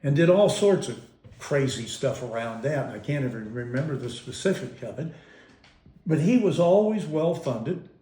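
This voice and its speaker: A man's voice: mid-range voice, lively intonation, normal speed, warm tone. Rambling man recalling family, roomy sound. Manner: rambling, self-interrupting, amused storyteller. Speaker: interviewee. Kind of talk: casual reminiscing. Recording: roomy echo.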